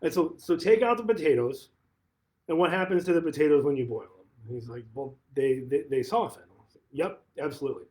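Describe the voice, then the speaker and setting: A man's voice: fairly high pitch, a little fast, darkish tone. A man who manages a real estate office, talking casually on a livestream and retelling a conversation, often repeating and restarting phrases.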